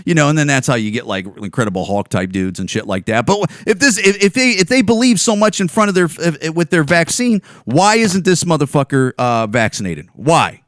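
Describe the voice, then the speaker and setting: Angry, profane and repetitive, a forties-aged podcast host from the Chicago area tears into his rant. The voice sits a little high and is expressive, a bit bright, fairly quick and almost pauseless, with studio quality and no echo.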